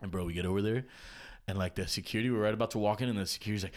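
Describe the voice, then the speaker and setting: A young man, telling a story in casual chat, swearing and excitable. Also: medium pitch, fast. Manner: excitable, swears a lot, laughs mid-story.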